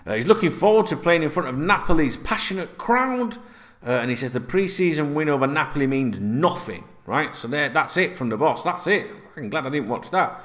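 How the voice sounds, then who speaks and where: A middle-aged man rambles through fan chat, swearing freely. His pitch sits a bit high and swings widely. He talks casually to his viewers like an old mate. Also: animated, brisk, a bit bright. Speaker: fan channel host.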